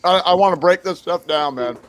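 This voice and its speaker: A man's voice: on the high side, a little fast, no echo. A man co-hosting a live stream, bantering and laughing casually while tasting food. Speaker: co-host.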